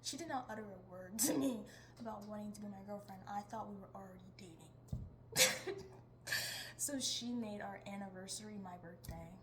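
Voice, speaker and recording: A teenage vlogger chats casually at normal speed in a medium-pitched voice, with a noisy background. She wanders from topic to topic and laughs a lot.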